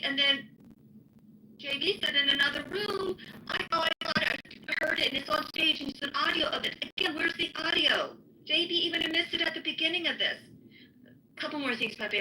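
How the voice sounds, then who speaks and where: Woman, high bright voice, angry profane rant, rhetorical questions, echoey sound. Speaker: audio chat room participant. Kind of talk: heated rant.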